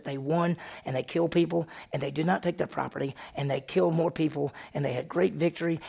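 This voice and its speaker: A storyteller retells a Bible story to a group in a lively, conversational way. The voice is gravelly with a husky, slightly breathy grain. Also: medium pitch.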